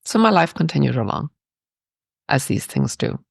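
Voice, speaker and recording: Irish woman guest, heavy vocal fry, lively pitch, reflective storyteller, dry close sound. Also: normal speed, dry recording. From Ireland. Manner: reflective and spiritual, with rhetorical "right?". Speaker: podcast guest. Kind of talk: personal storytelling.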